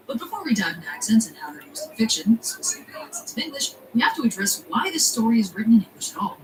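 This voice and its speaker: Quick, lively woman narrating an essay. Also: medium pitch, background noise. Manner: wry, jokey. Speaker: video essayist. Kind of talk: scripted video essay narration.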